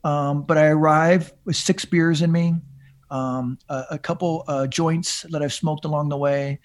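A man's voice: on the high side, steady tone, a little slow. A man telling a long personal story in a casual podcast chat, rambling with many restarts and repeated words. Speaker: podcast guest.

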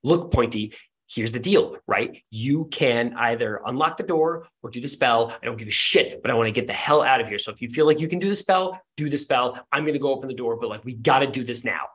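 A man voicing a frantic, suddenly revived man who barks rapid-fire orders. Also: medium pitch, lively intonation, a bit bright, lightly acted. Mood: urgent. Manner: rapid-fire, bossy, impatient.

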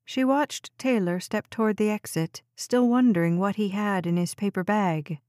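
A woman's voice: mid-range voice, moderate pace, a little mellow, no echo. Woman reading an audiobook, dry close sound. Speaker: audiobook narrator. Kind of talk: scripted audiobook narration.

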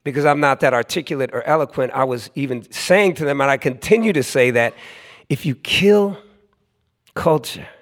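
A man's voice: mid-range voice, normal speed. A man in his forties from Oakland telling a loose, laughing story on stage, acting out other people's voices as he goes. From Oakland, California. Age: 40s. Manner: animated, acts out other people's voices in quotes; laughs often, loose and conversational with many restarts. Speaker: storytelling speaker at a live event. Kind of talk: live storytelling monologue. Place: club stage before a live audience.

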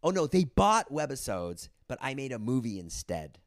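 This podcast guest, a comedian and filmmaker, has a medium-pitched voice that's very animated and moves at a normal speed. In a casual chat captured in a dry, clean studio, he tells rambling stories and acts out what others said using put-on voices.

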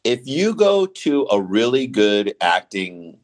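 Male co-host, very low voice, upbeat teasing comic banter. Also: very animated, slow pace. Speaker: podcast co-host. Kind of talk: casual comedic banter.

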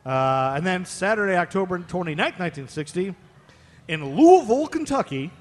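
A man's voice: high voice, very animated, brisk, a bit bright. A man from Ohio co-hosting a live podcast, telling history stories in a chatty, playful way. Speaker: podcast co-host. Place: live show on a stage. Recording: long reverb of a live stage.

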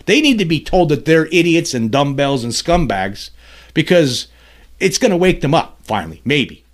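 A man's voice: on the high side, sing-song, moderate pace. A man hosting a solo commentary podcast, talking in a rambling, heated way, full of restarts and fillers. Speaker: podcast host.

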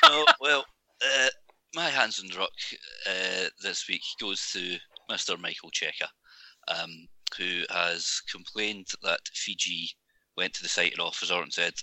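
A man's voice: low voice, normal speed, pushed and bright, no echo, low-quality recording. A man co-hosting a podcast, telling stories wryly in casual, rambling chat. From Scotland. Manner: wry, rambling with fillers. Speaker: podcast co-host.

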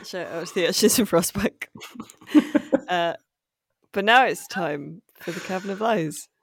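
A podcast host running the segments, laughing often and moving briskly between topics. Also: medium pitch, vocal fry, slightly rough, no room sound, clean studio sound. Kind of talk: casual chat.

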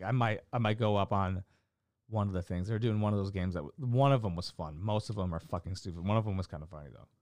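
A man's voice: medium pitch, no echo, clean studio sound. A man and amateur stand-up comic chatting casually in a vlog, rambling and cursing with lots of fillers. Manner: rambling, profane, many fillers.

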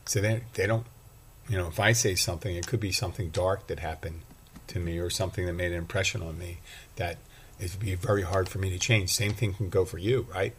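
A man's voice: sits low, fairly even intonation, a little fast, a bit bright, slight background noise. A man hosting a casual solo podcast, rambling and self-deprecating as he talks. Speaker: podcast host and bartender.

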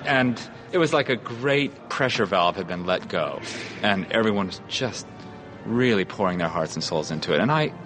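A man with a low voice tells an earnest, heartfelt story as a radio interview guest. Soft music plays faintly behind him. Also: animated, moderate pace. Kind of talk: reminiscing interview answer.

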